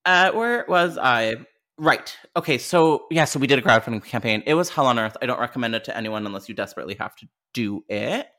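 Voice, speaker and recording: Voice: mid-range voice, expressive, fairly quick, sharp tone. Joking, self-mocking podcast co-host. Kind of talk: casual podcast chat.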